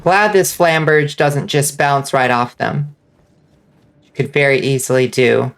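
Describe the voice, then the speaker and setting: A woman's voice: rumbling low, measured pace. A woman streaming a video game, chatting casually with viewers and swearing freely. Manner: chatty, profane, reacting to chat. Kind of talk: casual gaming commentary.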